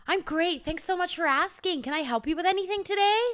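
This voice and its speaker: A woman's voice: very high-pitched, fairly quick, fairly bright tone, pitched above the performer's own voice. A woman voicing an overly chirpy, pushy female shop assistant in a comic story. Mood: bubbly. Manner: gushing, pushy, relentlessly upbeat.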